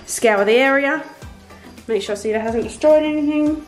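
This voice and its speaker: A woman's voice: high voice, moderate pace, over music. Chatty Australian woman in an echoey room. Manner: chatty, rambling, jokey and casually profane. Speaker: vlogger. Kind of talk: casual day-in-the-life vlogging. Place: home, indoors.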